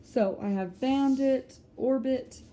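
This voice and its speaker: A woman teacher recording a spelling lesson for her students, patiently explaining and slowly sounding out words. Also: sits high, dark tone.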